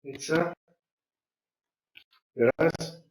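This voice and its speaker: A man's voice: a little high, extremely slow, roomy sound, far from the mic, low-quality recording. Patient man teaching an English class. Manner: patient, prompting students, repeating answers. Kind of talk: classroom lesson.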